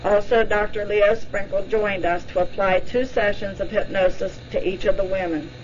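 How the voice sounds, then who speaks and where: A woman narrating a documentary in a slow, measured reading voice. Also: medium pitch, slight background noise. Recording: dull lo-fi recording.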